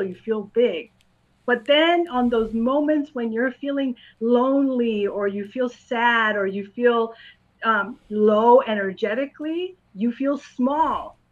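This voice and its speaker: A woman guest, a school psychologist, giving calm interview answers and patiently explaining in simple terms to a young interviewer. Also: fairly high pitch, highs cut off.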